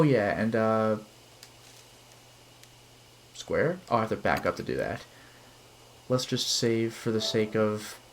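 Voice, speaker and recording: A man's voice: on the low side, slight background noise. A man streaming a horror game, chatting casually and reading the game text aloud with muttered asides.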